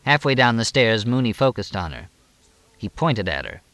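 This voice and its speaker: Male audiobook narrator, lively and dry. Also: lowish voice, brisk, no echo. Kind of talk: scripted narration.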